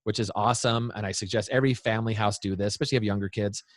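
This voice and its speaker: A man's voice: fairly low pitch, fairly even intonation, rapid-fire, dry recording. A man in his thirties, a guest speaking to parents in an interview, talking with energy and acting out what kids say. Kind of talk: animated interview talk.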